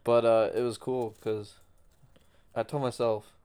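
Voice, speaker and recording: A man's voice: mid-range voice, level tone, measured pace, dark tone, clean tone. A man co-hosting a podcast in casual chat, making blunt, dry and profane remarks. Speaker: podcast co-host.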